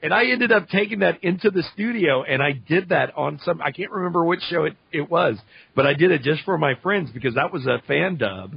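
A man's voice: a little high, fairly quick, vocal fry, few pauses, breathy edge, no echo, highs cut off. A man from Louisiana, a voice actor chatting casually on a podcast and telling stories animatedly. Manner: animated storyteller, slips into voices. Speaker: voice actor guest.

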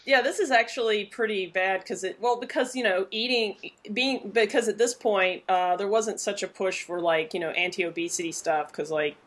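In casual podcast chat, this female co-host speaks at normal speed in a medium pitch with few pauses. Her talk is chatty and rambling, packed with fillers.

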